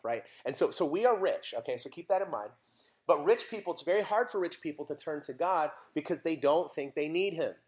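A man, preaching a sermon and telling animated stories with acted voices. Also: mid-range voice. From United States. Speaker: pastor.

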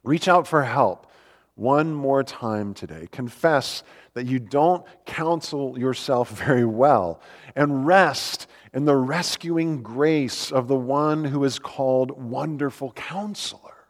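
Slow and mid-range in pitch, a man preaches a sermon in a reverberant hall. This pastor is earnest and emphatic, leaning on rhetorical questions.

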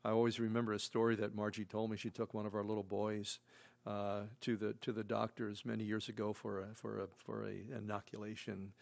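A middle-aged man preaching a sermon as pastor, talking conversationally with many asides, shifting from hushed tones to loud emphatic bursts. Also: fairly low pitch, completely flat delivery, fairly quick, creaky. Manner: conversational, repeats himself, frequent "you know". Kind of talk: expository sermon.

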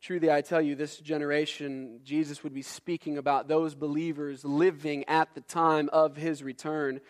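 A man's voice: fairly high pitch, flat delivery, moderate pace, few pauses. A man preaching a sermon, reading scripture and building intensity through repeated phrases. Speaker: pastor.

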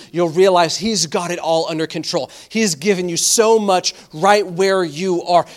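A man with a high-pitched voice delivers a sermon. His preaching is animated and conversational, with frequent repeated words. He slows down deliberately when reading scripture aloud. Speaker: pastor.

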